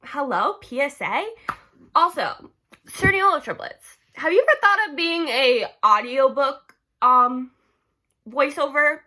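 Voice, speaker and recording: A young book vlogger rambles casually, giggling and gushing, filling nearly every sentence with "like." Her high, sharp voice is expressive and unhurried.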